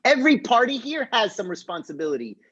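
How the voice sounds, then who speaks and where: A young man, a rabbi, teaching a casual online class and retelling a story in a joking, lively way. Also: extremely high pitch, fast talker, slightly rough, highs cut off. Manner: lively, jokey retelling with voiced characters. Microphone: video call.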